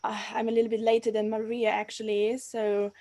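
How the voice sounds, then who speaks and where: A woman's voice: a little high, flat delivery, brisk, dark tone. A woman in her twenties from Austria, speaking English with an Austrian German accent as an interview guest, hesitant and often restarting as she searches for words. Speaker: guest, archaeology master's student. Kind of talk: casual interview over a live stream.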